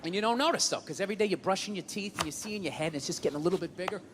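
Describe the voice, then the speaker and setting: A man's voice: high voice, rapid-fire. A man doing a stand-up comedy routine, swearing a lot and acting out heated arguments in different voices. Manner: profane, ranting, acts out arguments. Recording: loud background noise.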